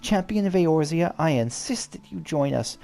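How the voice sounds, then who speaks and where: A man with a gruff voice reading a refined, sassy middle-aged noblewoman from a game, in a put-on refined tone. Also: fairly high pitch, expressive, moderate pace, mellow, faint music behind, pitched above the performer's own voice. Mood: gracious. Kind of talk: reading game dialogue aloud.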